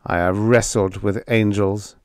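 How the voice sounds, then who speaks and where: A man's voice: on the low side, steady tone, a little slow, darkish tone, dry recording, clean studio sound, close to an everyday voice. A man voicing a wounded, anguished space captain. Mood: grim intense.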